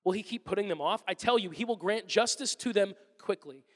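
A man in his thirties preaching a conversational sermon as a pastor, animated and acting out little everyday scenes. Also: sits high, fairly quick, long reverb tail.

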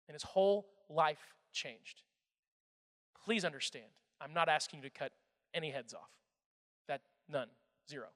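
A young man preaching a sermon, telling a story with energy and swinging between loud and hushed delivery. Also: on the high side. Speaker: pastor. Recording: echoey hall.

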